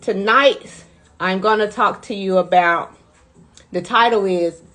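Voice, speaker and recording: Energetic woman coach hyping her listeners. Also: mid-range voice, slow. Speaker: mindset coach. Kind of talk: motivational live talk.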